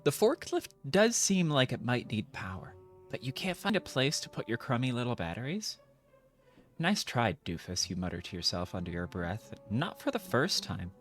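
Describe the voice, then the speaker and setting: A woman's voice: extremely low pitch, very animated, moderate pace, soft background music. Playful woman reading game text. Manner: playful, jokey, mock-dramatic asides. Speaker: streamer playing a video game.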